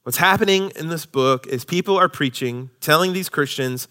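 A male pastor preaching a sermon, swinging from loud, emphatic lines to hushed, near-whispered ones. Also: a little high, fast talker, hardly any pauses.

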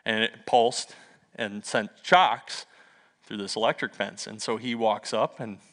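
A middle-aged male pastor preaching a sermon, telling stories in a lively way with humorous asides. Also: fairly low pitch, unhurried. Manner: lively storytelling with asides and self-deprecating humor.

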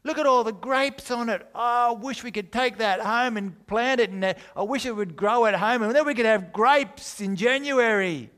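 A man voicing an excited young woman who gushes about wanting grapes in a sermon story. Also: very high voice, normal speed, few pauses, voice pushed up.

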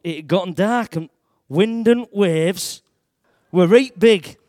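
A man tells a Bible story in the first person, in thick dialect, throwing in shouts at the big moments. His voice sits fairly high for a man, and the sound is close and dry. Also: takes it slowly, no echo. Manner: broad dialect, lively, shouts at dramatic moments. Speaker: church storyteller.

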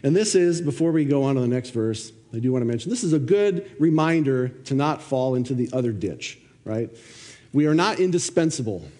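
A man's voice: medium pitch, expressive, brisk, warm tone. A man preaching a sermon, reading scripture aloud and then explaining it with questions. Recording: long reverb of a church hall.

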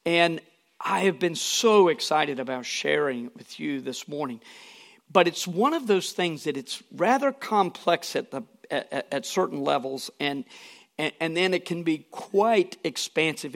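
A man preaching a sermon, his voice a little higher than most and edged with gravel. He is earnest and emphatic, leaning into key lines and breaking off for casual asides. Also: fairly bright tone. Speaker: pastor.

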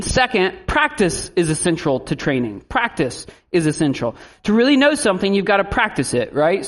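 A man preaching a sermon as a pastor, in a lively style with animated asides. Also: high-pitched.

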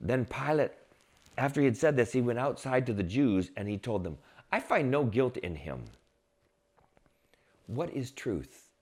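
A man preaching a sermon, reading scripture and acting out the crowd's shouts with dramatic swings. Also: medium pitch, big pitch swings, unhurried, pauses often, slightly rough. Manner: reads scripture aloud. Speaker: pastor.

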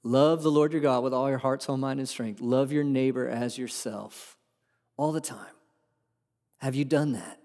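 A man's voice: medium pitch, steady tone, moderate pace, a little mellow. A man preaching a sermon as a pastor, earnest and emphatic, asking the room rhetorical questions. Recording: long hall reverb.

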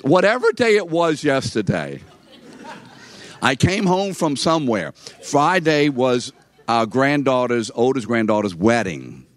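A man's voice: mid-range voice, very animated, measured pace, some chatter behind. An older man giving a sermon as a story, chatty and conversational, speaking straight to his listeners. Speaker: preacher.

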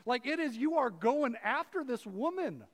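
A man with a high voice gives a loose, conversational sermon and acts out the people he talks about. His voice rings with a long reverb from a large hall. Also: normal speed. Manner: casual and animated, acts out voices, many fillers. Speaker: preacher and professor.

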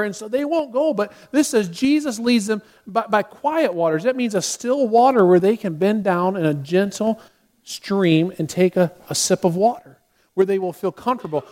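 A man's voice: sits high, a little mellow. A middle-aged man preaching a sermon as a pastor, earnest, with sudden acted outbursts.

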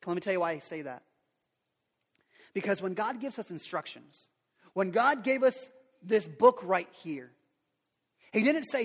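A middle-aged man preaching a sermon as a pastor, animated, acting out quotes and sound effects. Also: high-pitched, unhurried, long pauses. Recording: long reverb of a large hall.

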